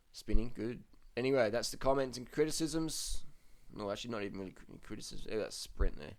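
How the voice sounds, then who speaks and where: A man giving casual, blunt commentary over race footage, swearing freely, repeating himself and getting loud when worked up. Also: on the low side, brisk.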